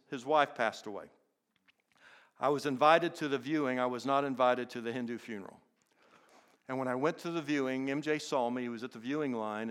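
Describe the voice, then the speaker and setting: A man's voice: mid-range voice, clear, resonant tone. An older man preaching a sermon as a pastor, telling personal stories in an earnest way and often repeating words as he goes. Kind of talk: sermon storytelling.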